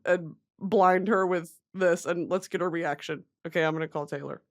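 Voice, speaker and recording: A woman's voice: fairly low pitch, steady tone, normal speed. A young adult woman hosting a podcast, chatting casually and animatedly, laughing often and swearing freely into a studio mic. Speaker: podcast host.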